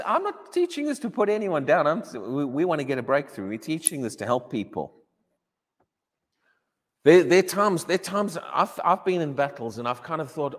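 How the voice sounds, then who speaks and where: A man preaching a sermon in a church, animated and acting out the voices of the people he quotes. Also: high-pitched, long reverb tail. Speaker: pastor. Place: church hall.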